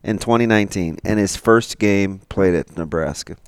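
A low-voiced man co-hosting a sports radio show, lively and quick to jump in. He reads passages aloud and trips over his words, and the sound is dry and close to the mic. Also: clear, resonant tone, no room sound. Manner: animated, reads quotes aloud, stumbles and repeats. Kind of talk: casual sports talk.

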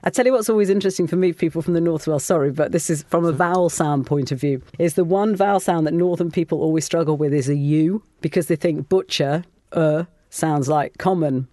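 A voiceover artist and voice coach chatting casually on a podcast, animated, quick to laugh and picky about vowel sounds. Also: male voice, on the high side, dry recording.

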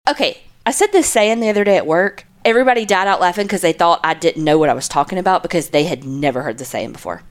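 A woman co-hosting a podcast in casual chat, talking in a chatty, animated way. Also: lowish voice, quick pace, hardly any pauses. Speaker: podcast co-host.

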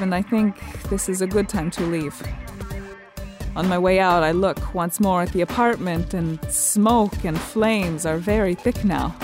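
An actress playing a blunt, matter-of-fact young Estonian immigrant woman in a radio drama, speaking halting, broken English with an Estonian accent and searching fillers. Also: mid-range voice, close to an everyday voice.

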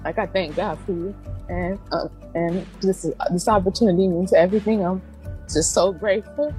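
A woman's voice: fairly low pitch, steady tone, normal speed, warm tone, faint music behind. A woman speaking as an internship candidate, giving fervent thanks and stumbling over her words. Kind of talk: grateful thank-you speech.

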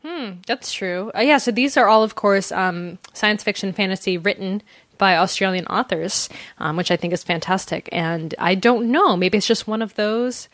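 A woman's voice: medium pitch, normal speed, a bit bright, no echo, studio quality. A woman co-hosting a book podcast in a casual, chatty, self-deprecating way over a remote call. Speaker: podcast co-host. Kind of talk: casual chat.

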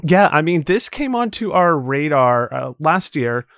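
A man's voice: a little high, sing-song, a little slow, fairly bright tone, no echo. Chatty male podcast host, dry sound. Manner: chatty, rambling with restarts. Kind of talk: casual podcast chat.

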